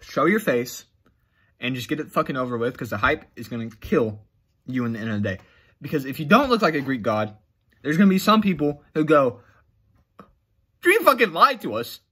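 A man's voice: mid-range voice, animated, brisk, fairly bright tone, breathy edge. A man vlogging a casual rant, blunt and exasperated, swearing constantly. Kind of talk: casual profane rant to camera.

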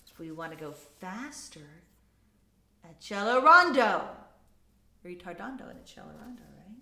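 Animated woman leading children's choir lesson. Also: fairly low pitch, brisk, creaky. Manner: lively, demonstrative, repeat-after-me teaching. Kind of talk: teaching a children's music lesson. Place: home room. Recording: echoey room with faint music.

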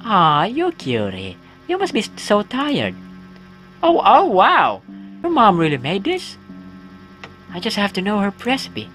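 A man's voice: sits high, wildly swooping pitch, measured pace, fairly bright tone, faint music behind, pitched above the performer's own voice, exaggerated voice. A man putting on a cooing neighbor lady. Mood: gushing. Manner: cooing, gushing. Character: gushing friendly neighbor woman.

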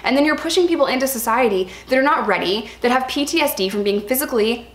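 A woman's voice: high voice, animated, quick pace, echoey room. A young woman speaking candidly about her own experience in a vlog, earnest and emphatic, repeating words for stress. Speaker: vlogger sharing personal experience. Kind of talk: candid personal vlog talk.

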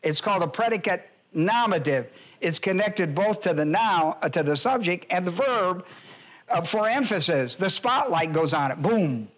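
A man's voice: high-pitched, lively intonation, normal speed, fairly bright tone. A man pastor giving an expository Bible lesson, emphatic and repetitive, spelling out Greek words as he teaches.

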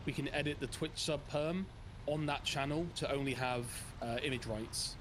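A man's voice: normal speed, noisy background. A man co-playing a game on stream, joking around in casual banter. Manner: playful, jokey, with big swoops of pitch. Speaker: streaming co-player. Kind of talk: casual gaming chat.

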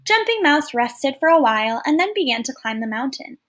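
Teacher lady reading a story to kids, high bright voice, stops to explain stuff. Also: big pitch swings, a little fast. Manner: clear, explaining, often asks listeners questions. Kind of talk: read-aloud lesson for children.

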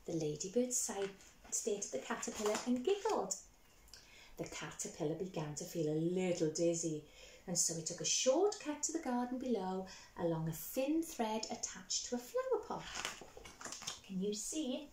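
Lady reading a kids story, lively swooping voice, asks the kids stuff, echoey room, bit of hiss. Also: mid-range voice, moderate pace. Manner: animated, asks young listeners questions. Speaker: storyteller for children. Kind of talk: reading a picture book aloud.

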